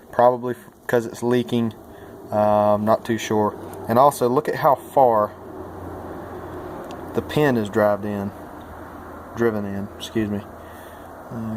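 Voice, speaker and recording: A man with a lowish voice talks through a hands-on repair. He is folksy and relaxed and fills his pauses with ums and uhs. A faint background hum sits under his voice. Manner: casual, folksy, thinks aloud with many fillers. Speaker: mechanic and channel host.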